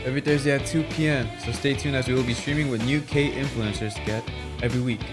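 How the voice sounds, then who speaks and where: A man's voice: medium pitch, steady tone, quick pace, over music. A man co-hosting a talk show, asking playful, curious questions. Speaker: co-host.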